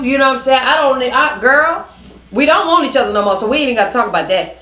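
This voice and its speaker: A woman's voice: high voice, expressive, quick pace, fairly bright tone. A woman co-host in a casual chat, emphatic and slangy. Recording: echoey room.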